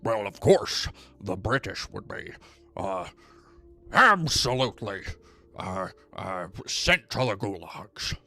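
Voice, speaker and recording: Evasive old politician, halting drawl, low and slow delivery, faint music behind, as a male streamer puts it on. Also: animated, gravelly, pushed and bright, heavily acted. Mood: pompous. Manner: halting, drawling with filler sounds. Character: gravelly older male politician impression, evasive.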